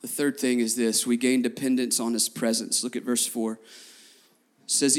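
A man in his thirties, a pastor preaching a sermon to his congregation, telling stories lively, repeating phrases and talking straight to the crowd. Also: mid-range voice, moderate pace. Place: church before a congregation.

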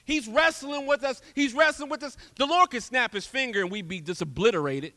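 Animated preacher in an echoing hall. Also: male voice, sits high. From Houston, Texas. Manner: animated, swings from loud to soft. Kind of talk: sermon. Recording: long echo of a large hall.

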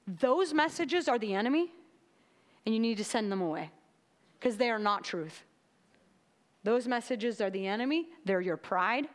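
A woman's voice: on the high side, animated, normal speed, pauses often. A woman giving a sermon in a chatty, conversational way, often checking in with "right?". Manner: chatty, tags lines with "right?". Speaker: preacher.

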